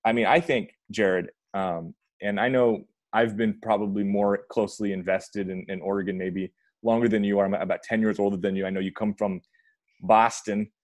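Low-voiced man in casual sports talk. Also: no room sound. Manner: rambling, self-correcting, chatty. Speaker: podcast host.

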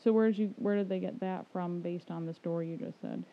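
A woman's voice: on the low side, fairly even intonation, fairly quick. A woman co-hosting a casual chat, mostly chiming in with short agreeing remarks. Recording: tinny phone-like line.

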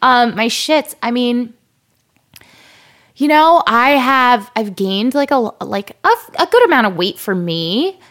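A woman's voice: a little high, expressive, slow pace, a bit bright. Chatty storytelling woman co-host. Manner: chatty storyteller, many fillers. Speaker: podcast co-host. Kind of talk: casual chat.

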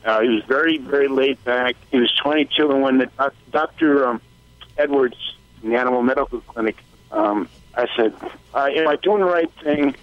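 A man's voice: mid-range voice, normal speed, no echo, narrow, tinny audio. A male caller to a radio show, telling an emotional story with many halts and restarts. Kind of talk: phone call telling a story.

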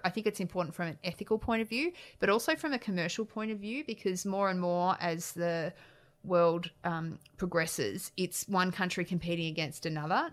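An Australian woman politician answering interview questions in an earnest, frank way, often restarting her phrases. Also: on the low side. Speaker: politician, shadow minister.

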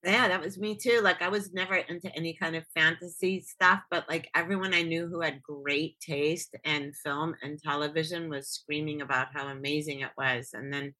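A woman hosting a podcast, chatting excitably and rambling, swearing freely. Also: deep voice, normal speed, few pauses. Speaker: podcast host. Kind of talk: casual podcast chat.

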